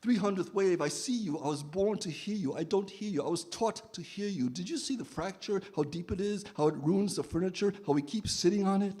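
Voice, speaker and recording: Man, poetry reading, incantatory cadence, husky, dark tone. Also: sits high, fairly quick, hardly any pauses. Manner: incantatory, repetitive chanting cadence. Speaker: poet.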